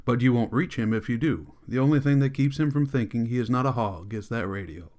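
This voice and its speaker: A man's voice: medium pitch, brisk, a little mellow, natural voice. A frustrated young schoolteacher who defends himself earnestly and with passion, read by a man. He pushes back firmly against his elders. It is an audiobook reading of a novel. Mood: defiant. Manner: earnest, impassioned arguing.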